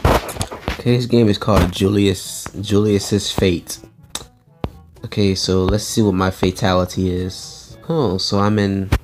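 Guy chatting thru a game for his viewers, kinda low voice, lil music playing under him. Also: steady tone, takes it slowly. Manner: chatty, talks to viewers as guys, laughs often. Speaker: gaming channel host. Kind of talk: casual gameplay commentary.

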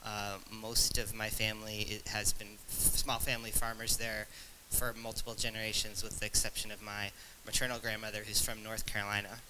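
A man in his forties from Nebraska, speaking as a panelist at a conference in a reflective, halting way with many fillers. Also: on the low side, monotone, bright, forceful tone, slight background noise, poor audio. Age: 40s.

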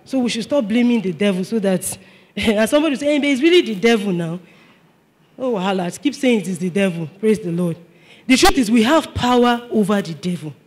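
A man's voice: high-pitched, lively intonation, a little fast, husky. A male pastor preaching a sermon emphatically, repeating his points and calling on the congregation to respond. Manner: emphatic, repetitive, calls for response.

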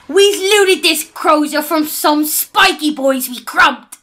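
A woman's voice: high-pitched, takes it slowly, bright, forceful tone, slight background noise, pitched above the performer's own voice, full character voice. A woman doing a lisping ork boss. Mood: boastful. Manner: crude gruff slang. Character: boastful male ork ship boss.

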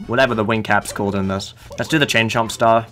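A man's voice: on the low side, steady tone, fast talker, a bit bright, faint music behind. A man streaming a video game, making casual commentary full of joking, self-mocking asides.

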